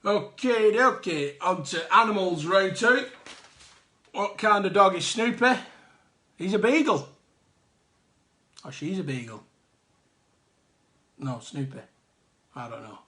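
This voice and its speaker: A man's voice: high-pitched, lively intonation, takes it slowly, pauses often, sharp tone. A man hosting a live online quiz, reading out answers with jokey, chatty asides. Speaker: quiz host.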